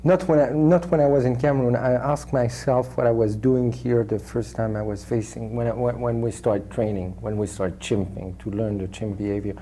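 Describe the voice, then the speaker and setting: A man with a French accent, a native French speaker raised in Switzerland, answering interview questions in a halting way with many restarts and fillers. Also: mid-range voice, steady tone, mellow, slight background noise. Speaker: actor, interview guest.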